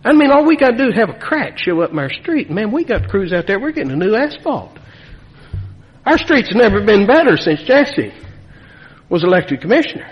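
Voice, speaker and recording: A man preaching a sermon in a folksy, animated way, with asides to his congregation. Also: sits high, brisk, muffled recording. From Nevada. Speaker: pastor. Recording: long reverb of a church hall.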